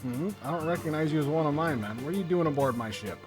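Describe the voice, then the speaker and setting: A man voicing a haughty older pirate captain in a game, speaking in a pompous, drawn-out way. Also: fairly high pitch, animated, over music, natural voice.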